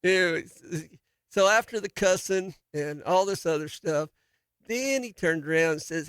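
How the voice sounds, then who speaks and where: A folksy man hosts a farm radio show, rambling along with plenty of fillers and restarts. His voice sits a bit high for a man. The sound is dry and close, from a studio mic. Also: unhurried, a bit bright, clear, resonant tone, no echo. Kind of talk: casual farm radio talk. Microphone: studio microphone.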